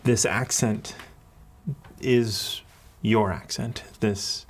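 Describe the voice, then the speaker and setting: A man running a tabletop game as game master, narrating scenes in slow, deliberate storytelling. His voice sits low and he takes his time with each phrase. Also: steady tone, slightly rough.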